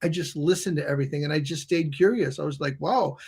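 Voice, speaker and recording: As a podcast guest, a middle-aged coach and author with a high, light, slightly rough voice tells a personal story. He speaks loosely and conversationally at a quick pace with a steady tone, acting out the people involved with sudden loud exclamations.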